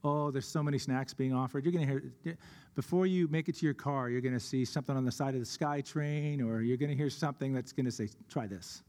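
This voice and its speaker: A man preaching a sermon as pastor of a church, earnest, slowing down on key words for emphasis. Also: medium pitch, steady tone, mellow. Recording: long hall reverb.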